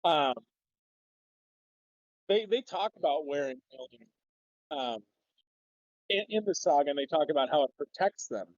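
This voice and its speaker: Guest, Minnesotan man, higher voice, dull dry call audio, rambling and profane. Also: animated, a little slow, pauses often, no room sound. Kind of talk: casual livestream discussion.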